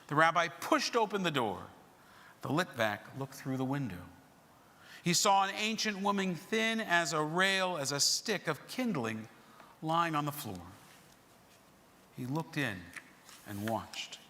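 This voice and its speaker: A man's voice: a little high, unhurried, long pauses. A man leading a synagogue service who tells a story expressively and leads prayers. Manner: dramatic, expressive narration. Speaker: service leader. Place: synagogue sanctuary. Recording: reverberant sanctuary recording.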